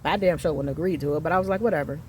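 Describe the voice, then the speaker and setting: A woman in her thirties telling an angry story about her son's school, emphatic and reenacting the conversations, swinging between quiet and loud. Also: sits low, rapid-fire, a little hiss or hum. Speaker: mother venting on her channel. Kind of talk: heated storytelling rant.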